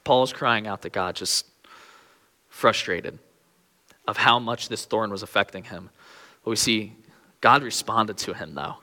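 A man's voice: fairly low pitch, unhurried, pauses often, sharp tone, long reverb tail. A young man preaching a sermon with earnest, pleading emphasis on key phrases.

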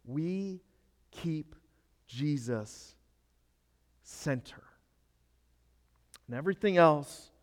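A man preaching a sermon as pastor, emphatic and swinging from loud to hushed. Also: mid-range voice, big-room sound.

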